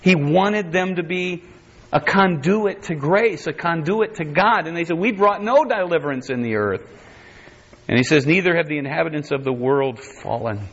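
A man's voice: a little high, moderate pace, a bit bright. A man teaching a verse-by-verse sermon, reading scripture in old English wording and then explaining it in plain words, often restarting his sentences. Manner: reads King James scripture aloud, then explains it plainly; frequent restarts and self-corrections. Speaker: Bible teacher. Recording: dull lo-fi recording.

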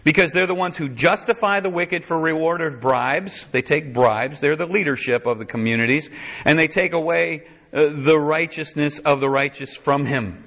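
Preaching verse by verse through scripture, a male pastor interrupts himself with wry asides, his fairly high voice bright and forceful at a moderate pace. The lo-fi recording sounds dull, its highs muffled.

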